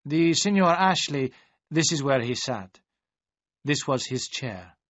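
A man voicing a polite, worried male servant at a villa, speaking formally with careful, halting phrasing. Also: medium pitch, expressive, fairly bright tone, no echo. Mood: gentle. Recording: dry, slightly dull audio.

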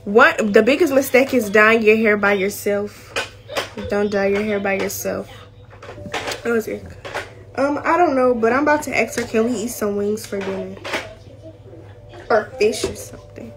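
A woman's voice: mid-range voice, normal speed, long pauses, noisy background. A teenage girl chatting candidly to viewers in a casual vlog, using slang like y'all and finna. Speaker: vlogger. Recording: music playing behind the voice.

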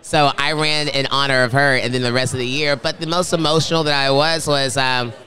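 A man's voice: mid-range voice, steady tone, brisk, sharp tone. A man in his thirties chatting as a marathon runner guest in a casual interview, playful and chatty. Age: 30s.

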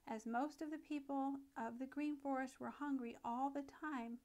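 A woman reads a classic children's nature story aloud with a gentle, expressive storyteller's touch. Her voice sits a little higher than most. The delivery is a careful, warm-paced storybook narration. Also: vocal fry.

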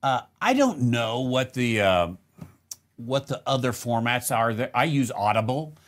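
A man's voice: medium pitch, expressive, unhurried. A man hosting a casual live question-and-answer show, rambling with many fillers and restarts and chuckling now and then. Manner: chuckles between remarks. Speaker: host answering viewer questions.

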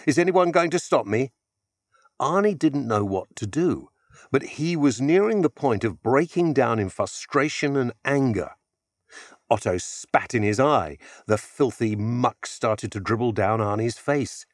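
A man reads an audiobook in a measured storytelling voice. His pitch moves in a lively, animated way, and the studio sound is close and dry with no room in it. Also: no room sound. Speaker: audiobook narrator. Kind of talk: scripted audiobook narration.

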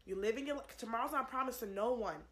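Young woman preaching her testimony, pleading, keeps saying y'all, kinda high voice. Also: quick pace, a bit bright. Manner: earnest, repetitive, pleading, addresses viewers as y'all. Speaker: vlogger giving testimony. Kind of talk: religious testimony to camera.

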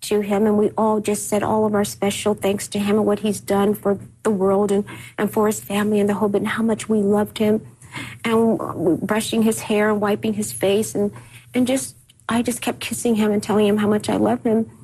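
Breathy woman recalling in halting words. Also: medium pitch, flat delivery, mellow, low-quality recording. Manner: halting, repeats words and restarts often. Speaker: interview guest. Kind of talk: emotional personal recollection in a TV interview.

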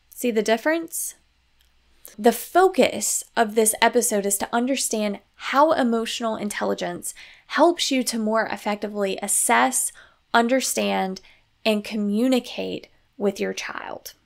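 A woman with a slightly high voice and a gravelly, fry-laced edge talks in a calm, coaching way. She walks through ideas step by step, like a podcast host giving parents practical guidance. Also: measured pace. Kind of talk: instructive solo podcast talk.

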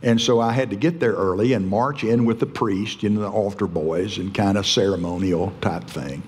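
A man's voice: fairly low pitch, moderate pace, darkish tone. An older man preaching a sermon as pastor, telling folksy stories and chuckling often. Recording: church hall reverb.

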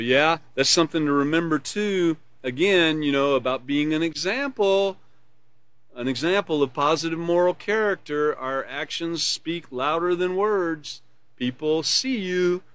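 A man's voice: a little high, measured pace, a bit bright. A man teaching a live online character education class, reading from a course manual and explaining it in an earnest, explanatory way. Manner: earnest, explanatory, laughs and smiles while teaching.

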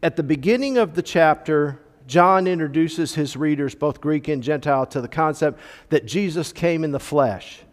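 A man's voice: fairly high pitch, moderate pace, hardly any pauses. A man teaching a church Bible class, explaining the text and stressing key words, with frequent fillers. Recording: long reverb of a hall.

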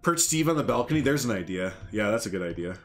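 Man, young adult, game streamer, casual chat, laughs a lot, lively intonation, soft background music. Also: fairly low pitch, fast. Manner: chatty, laughs often, answers chat.

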